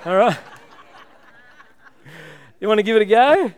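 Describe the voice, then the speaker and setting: A man's voice: high-pitched, slow pace, pauses often, clean tone, no room sound. A man preaching a sermon, chatty and joking with the congregation. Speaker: pastor.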